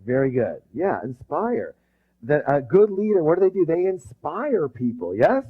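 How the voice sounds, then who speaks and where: Male seminar leader, high-ish voice, energetic call-and-response, muffled lo-fi audio. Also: moderate pace, breathy edge. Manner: energetic, drills the audience with rhetorical questions; emphatic, bursts loud when stressing passion. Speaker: motivational seminar speaker. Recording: dull lo-fi recording.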